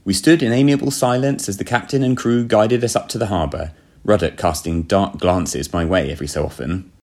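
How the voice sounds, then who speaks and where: A man's voice: low voice, brisk, a little mellow. A man reading a story as a first-person diary, with a pompous, self-satisfied manner. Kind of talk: scripted first-person narration.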